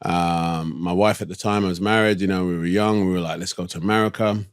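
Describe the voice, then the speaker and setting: A man's voice: deep voice, steady tone, brisk, clear, resonant tone, no echo, studio quality. A man from East London with a London accent, a guest casually telling stories in a laid-back, slangy way. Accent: London English. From East London, England. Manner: laid-back, slangy, drifts between thoughts. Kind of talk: casual storytelling.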